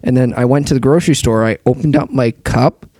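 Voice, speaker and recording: A young man telling animated stories in casual chat, swearing often and acting out other people in quotes. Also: mid-range voice, a little fast, no room sound, clean studio sound.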